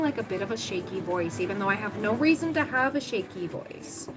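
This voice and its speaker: A woman's voice: mid-range voice, animated, brisk, hardly any pauses, rough recording. A woman giving a livestream tarot reading, talking casually and thinking aloud with lots of fillers. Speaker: tarot reader. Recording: music playing under the voice.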